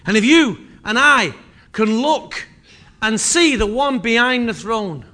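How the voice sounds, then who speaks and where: A man's voice: extremely high pitch, lively intonation, slow pace, sharp tone. A man preaching a sermon with impassioned, repetitive delivery that swells and drops in intensity.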